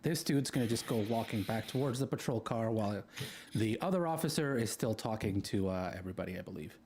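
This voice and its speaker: A man's voice: on the low side, expressive, brisk, darkish tone, a little hiss or hum. A man from Texas co-hosting a livestream, teasing dryly and plainly explaining a clip. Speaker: livestream co-host. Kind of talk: casual livestream chat.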